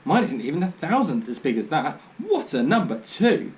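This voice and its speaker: A man's voice: on the high side, big pitch swings, normal speed, darkish tone. A man voicing a cheeky, inquisitive little boy who chatters earnestly and insistently. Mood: awed.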